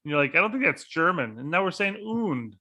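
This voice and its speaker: A man co-hosting a casual soccer podcast, rambling and thinking aloud with plenty of restarts. His voice is bright and a little forceful. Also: on the high side, sing-song, fairly quick. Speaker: podcast co-host.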